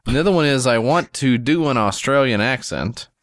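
A man's voice: medium pitch, animated, a little fast, fairly bright tone, no echo, clean studio sound. An American man hosting a casual podcast chat, rambling and self-deprecating, swearing freely. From United States. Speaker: podcast host.

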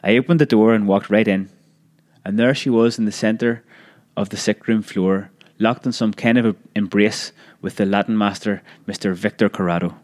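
A man with a fairly low voice reads a memoir aloud. He keeps a steady, measured storytelling pace. Now and then he stumbles and restarts a word. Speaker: narrator.

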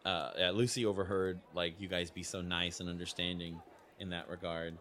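A man's voice: low-pitched, little pitch movement, normal speed, sharp tone. A man narrating as game master in rambling, filler-heavy descriptions.

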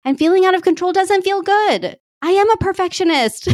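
A woman's voice: very high-pitched, normal speed, hardly any pauses, darkish tone, no room sound, studio quality. A woman life coach in her thirties, talking openly and confessionally on her solo podcast and repeating herself for emphasis. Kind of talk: candid solo podcast talk.

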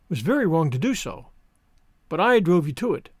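A male narrator voicing a stern, strict older spinster woman in a storybook reading, brisk and scolding. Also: a little high, sing-song, darkish tone, no room sound, clean studio sound. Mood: contrite.

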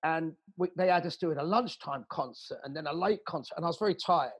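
A man, a musician hosting a conversation, shares an anecdote with easy laughter. His voice is husky and higher than most men's. He stumbles over repeated words before finding his point. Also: fairly quick, fairly bright tone. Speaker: jazz musician, interviewer. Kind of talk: casual conversation.

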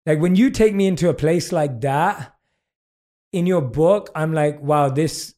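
A man's voice: fairly high pitch, a little slow, dark tone. A British man interviewing a guest, effusive and full of praise, reading passages from her book aloud. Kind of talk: warm podcast interview.

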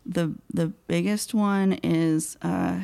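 Woman, storyteller guest, lively anecdote delivery with a gravelly edge. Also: lowish voice, slow. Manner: animated storyteller, acts out quotes. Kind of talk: casual chat, anecdote telling. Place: Chicago area podcast studio.

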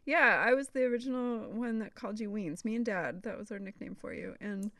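A woman co-hosting a podcast in casual chat, reacting with quick exclamations. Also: medium pitch, fairly bright tone, dry recording. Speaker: podcast co-host.

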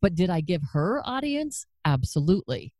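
A woman's voice: lowish voice, big pitch swings, normal speed, darkish tone, no echo, clean studio sound. A woman in her forties hosting an interview podcast, chatting conversationally with a guest. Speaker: podcast host. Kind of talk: casual interview chat.

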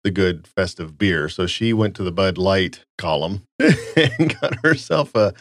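A man's voice: deep voice, expressive, a little slow, no room sound. A man hosting a casual podcast, telling a rambling story and laughing often. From United States. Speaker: podcast host. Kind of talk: casual chat.

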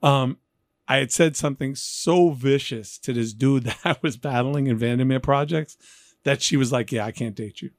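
A man's voice: medium pitch, moderate pace, dry recording, studio quality. A man in his fifties from New York hosting an interview podcast, chatting casually and joking, often acting out voices in his stories. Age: 50s. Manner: animated, jokey, acts out voices in his anecdotes. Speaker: podcast host.

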